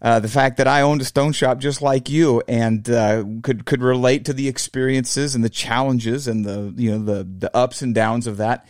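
A man in his forties talks through a casual solo podcast episode, reflective and direct with his listeners. His voice sits at an ordinary middle pitch. The sound is dry and close, with no room echo. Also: fairly even intonation, normal speed, few pauses. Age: 40s. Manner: reflective, addresses listeners as fellow fabricators. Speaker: podcast host.

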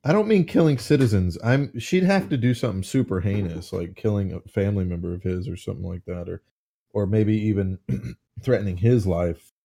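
A man's voice: low-pitched, brisk, gravelly, no echo, studio quality. A man in casual chat about a fantasy series, swearing freely and talking it through with animation. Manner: animated, profane, swings into loud mocking voices.

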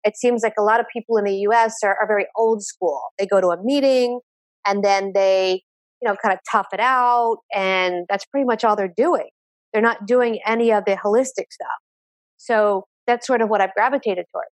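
A woman addiction therapist, guest on an interview podcast, telling her own story in an animated way and repeating phrases for emphasis. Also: mid-range voice, moderate pace, no room sound. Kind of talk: conversational interview.

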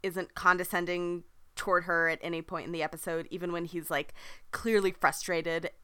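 A woman co-hosts a podcast in a casual, giggly manner. Her voice is somewhat low but bright and smooth. It is recorded dry and close. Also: little pitch movement, normal speed, no echo. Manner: giggly, casual, says dude. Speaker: podcast co-host. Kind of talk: casual chat.

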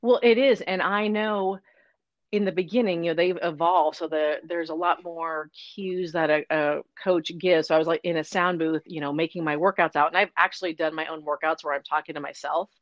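A woman fitness coach chatting as a guest in an interview, upbeat and fast-talking. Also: deep voice, fairly even intonation, dry recording, dull audio. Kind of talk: casual interview chat.

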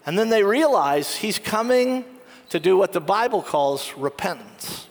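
A high-pitched man delivers a sermon, walking his congregation through a film scene and voicing its characters as he goes. His voice rings out with long reverb, as if from a big church hall. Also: expressive, a little slow. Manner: storytelling, acts out quoted lines. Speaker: pastor.

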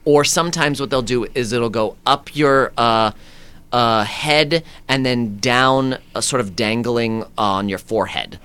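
A man, an actor guest, telling lively anecdotes in a conversation, acting out what people said. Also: medium pitch, measured pace, smooth. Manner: lively anecdotes with acted-out quotes and laughs. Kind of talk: animated storytelling in conversation.

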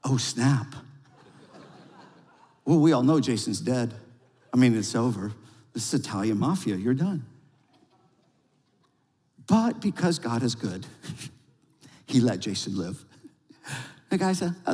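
A male pastor delivering a sermon, telling a lively story and then leading a quiet prayer. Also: medium pitch, slow, long pauses. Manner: storytelling with rising excitement, then hushed prayer. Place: church sanctuary. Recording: long reverb of a large hall.

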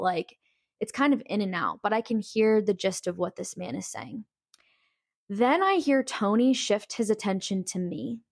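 A woman's voice: mid-range voice, no room sound, clean studio sound. A young woman telling a personal story in a casual, candid and emphatic way, full of "like" fillers.

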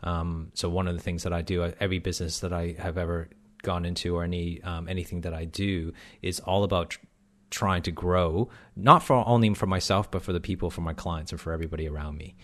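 A man's voice: low-pitched, steady tone, fairly quick, fairly bright tone. A man co-hosting a podcast, chatting casually with frequent restarts and fillers. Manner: rambling, many restarts and fillers. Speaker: podcast co-host, health professional.

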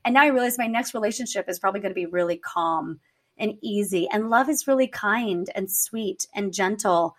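A woman's voice: medium pitch, brisk. A woman speaking candidly in a podcast conversation, telling personal stories in an earnest way. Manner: earnest, storytelling, acts out quotes.

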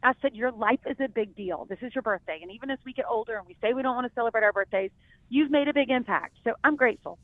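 A woman's voice: on the high side, rapid-fire, few pauses, no echo. A middle-aged woman from South Carolina, a TV news anchor guest, telling personal stories in an earnest, heartfelt way with many restarts. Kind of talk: emotional personal storytelling. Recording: dry, tinny phone-like line.

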